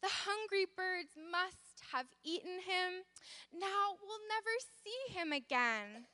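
Woman doing high wailing caterpillar friends. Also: very animated, slow, bright, forceful tone, dry recording, in a large hall, exaggerated voice. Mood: sad, worried. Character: sad worried little caterpillar friends.

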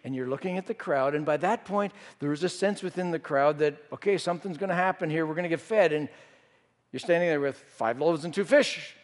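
Man, pastor, sermon, storytelling, slightly high voice, long hall reverb. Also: a little fast. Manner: storytelling, acts out disciples' voices.

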